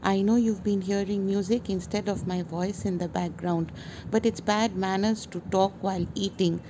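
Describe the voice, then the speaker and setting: A woman's voice: medium pitch, fairly even intonation, moderate pace, noisy background. A woman narrating her own travel and food vlog in a chatty, self-mocking way. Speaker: vlogger. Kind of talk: casual voice-over narration.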